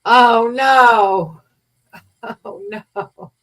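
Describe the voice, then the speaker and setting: Host lady, very slow short reactions, bright voice. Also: on the high side, rough recording. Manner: short sympathetic interjections. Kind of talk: listening interview reactions.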